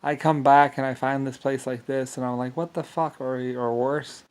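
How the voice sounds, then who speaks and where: In a long, rambling on-camera monologue, a man rants with agitated, profane delivery and keeps tripping over repeated restarts. His voice sits at an ordinary middle pitch, flat in delivery, at normal speed, a little mellow and smooth.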